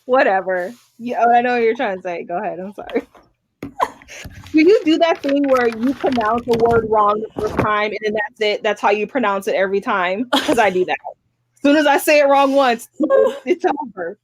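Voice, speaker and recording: A woman's voice: a little high, big pitch swings, normal speed, background noise. A woman co-hosting a book review podcast, chatting casually with a fed-up tone and tripping over names. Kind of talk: casual chat.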